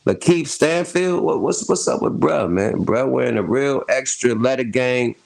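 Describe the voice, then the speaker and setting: A man's voice: mid-range voice, animated, measured pace, gravelly. A middle-aged man hosting a casual commentary show, riffing loosely with slang and frequent laughs. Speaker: host.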